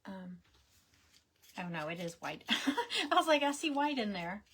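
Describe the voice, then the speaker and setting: A woman's voice: measured pace, slightly rough. A middle-aged woman, chatting casually and rambling through stories while she crafts on a livestream. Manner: rambling, animated, acts out quoted voices in a high pitch.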